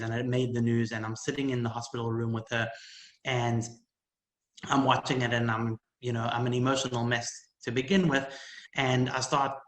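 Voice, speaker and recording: A man giving a personal testimony as a panel speaker at a community event, heartfelt and halting, with many restarts and fillers. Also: medium pitch, fairly bright tone, roomy sound, low-quality recording.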